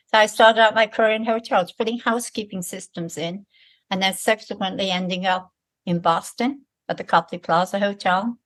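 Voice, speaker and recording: A woman in her eighties from England talks as a podcast guest. She tells her story with energy and quick asides. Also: mid-range voice. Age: 80s. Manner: lively storyteller, acts out quoted people. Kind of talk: casual interview.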